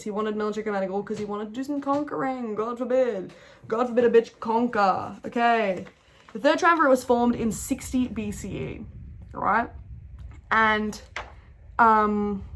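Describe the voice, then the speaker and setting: A young woman giving a casual, rambling history lesson full of slang, swearing and playful asides. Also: on the high side. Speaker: history explainer.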